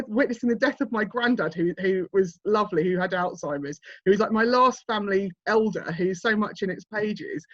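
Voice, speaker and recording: A woman's voice: mid-range voice, no echo. A woman, presenting her graphic novels in a chatty, self-deprecating way, with lots of restarts. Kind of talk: informal talk with slides. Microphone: video call. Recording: dry, lo-fi video call audio.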